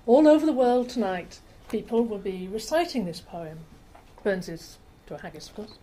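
A woman giving a public lecture with slides, chatty, with fillers and quick self-corrections, in a lecture room. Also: mid-range voice, animated, warm tone, a little hiss or hum, poor audio. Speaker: lecturer on rare books.

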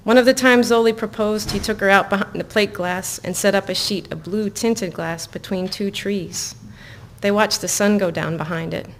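A woman author reading her own novel aloud to listeners in an even, measured way, breaking off into casual asides full of fillers. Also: medium pitch, a little hiss or hum. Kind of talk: live book reading with chatty asides.

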